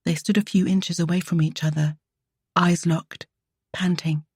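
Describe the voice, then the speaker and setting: A woman narrating a romance audiobook in an intimate reading that sometimes sinks toward a whisper. Her voice is low and husky. The recording is dry and close, with no room sound. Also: little pitch movement, a little slow, darkish tone, no room sound.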